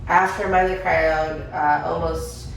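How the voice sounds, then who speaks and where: A woman's voice: low-pitched, steady tone, normal speed, vocal fry, background noise. A young woman comedian in casual chat, joking loosely, swearing and mocking herself. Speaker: comedian guest. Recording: echoey room, mic at a distance.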